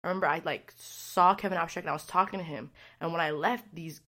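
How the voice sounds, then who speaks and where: A young woman talks straight to her viewers in a loose, rambling vlog style. Her voice sits a little low for a woman, and she swears freely and keeps dropping in "like" as she goes. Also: quick pace, a bit bright. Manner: chatty, profane, rambling storytelling with frequent fillers. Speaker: vlogger. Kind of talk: casual vlog chat.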